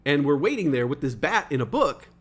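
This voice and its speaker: A young man chats on his stream, telling a story in a loose, rambling way. His voice sits a little high, and he leans on fillers while he acts out what other people said. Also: very animated, fairly quick. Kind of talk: casual storytelling chat.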